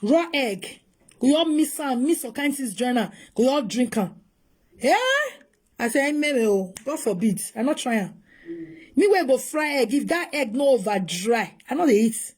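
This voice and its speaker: A middle-aged woman from Nigeria, with a Nigerian Pidgin English accent, talks straight to her viewers. She is animated and moves between pleading and scolding. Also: high-pitched, normal speed. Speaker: vlogger. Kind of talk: emotional casual monologue.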